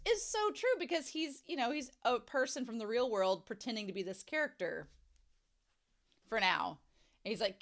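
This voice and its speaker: A young woman giving casual reaction commentary on a story, chatty and animated, often acting out the characters' lines. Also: a little high. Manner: chatty, animated, lots of "like", acts out quoted lines.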